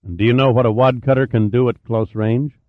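A man voicing a cool, threatening male agent in an audiobook, speaking low and clipped. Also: steady tone, a little fast, no echo, highs cut off, close to an everyday voice. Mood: menacing.

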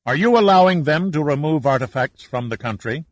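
A quiet, pointed questioner, as a male narrator puts him on. His words are measured and soft. The sound is dry and close. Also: on the high side, lively intonation, dry recording, voice pushed up, lightly acted. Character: soft-spoken male official.

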